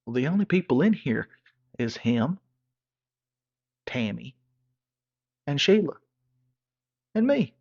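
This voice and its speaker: A man's voice: medium pitch, very animated, slow, creaky, pauses often, a little mellow, breathy edge. A man telling a rowdy, profane comic story in a rambling backwoods way, as a regular storyteller. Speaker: comedic storyteller. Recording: dull lo-fi recording.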